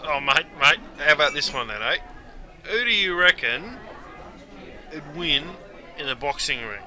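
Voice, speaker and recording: A man's voice: a little high, expressive, a little slow, sharp tone, a faint crowd. A man with a broad Australian accent explaining sporting slang in a blokey, scripted comic style, calling everyone mate. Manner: blokey, says mate constantly. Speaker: host teaching Australian slang.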